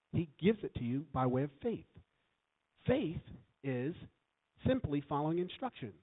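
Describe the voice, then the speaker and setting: A man with a slightly high voice and a breathy edge gives a spirited sermon as a church guest, prompting the congregation to respond. It sounds tinny and phone-like.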